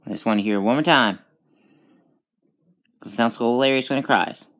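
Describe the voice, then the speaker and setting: A woman hosting a gaming channel, talking through gameplay in a rambling, excitable way with sudden high outbursts. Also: brisk. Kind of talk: casual gameplay commentary.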